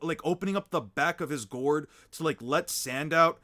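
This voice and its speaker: A young man reading manga aloud on a livestream and talking to his chat, rambling and swearing, stammering over repeated words and getting loud and excited when he rants. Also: on the high side, moderate pace.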